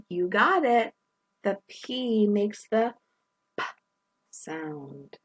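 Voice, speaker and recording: A woman teaching young children phonics, gently sounding out letters and words and encouraging them as she works through a worksheet. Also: mid-range voice, animated, very slow, pauses often, slightly rough. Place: indoors at a table, camera on her worksheet.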